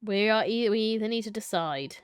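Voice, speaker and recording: A woman's voice: medium pitch, brisk, smooth, no room sound. A young adult woman live-streaming a choice game, reading it aloud and chatting playfully with viewers, laughing and swearing casually.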